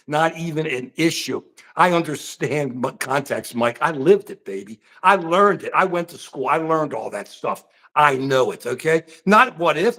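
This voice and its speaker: An older American man with a high voice rants animatedly as a political livestream host. He rambles through heated political talk and calls out members of his chat by name.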